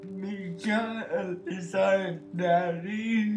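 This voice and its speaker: Man, let's play commentary, very slow halting delivery, crying, echoey room, loud guitar music behind. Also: high-pitched, fairly even intonation. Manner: slow, halting, tearful reading. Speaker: gaming video creator.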